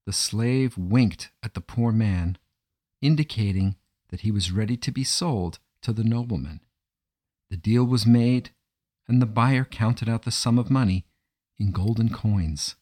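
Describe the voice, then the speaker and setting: A man narrating a traditional folk tale in a measured, gentle way. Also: lowish voice. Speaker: storyteller. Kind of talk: storybook narration.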